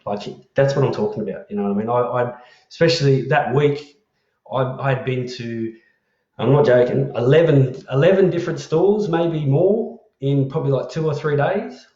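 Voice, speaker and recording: An Australian man hosting a casual live chat, rambling and affectionate as he repeats himself through shout-outs to viewers. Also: mid-range voice, normal speed. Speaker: host of an online community live chat. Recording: roomy and dull lo-fi sound.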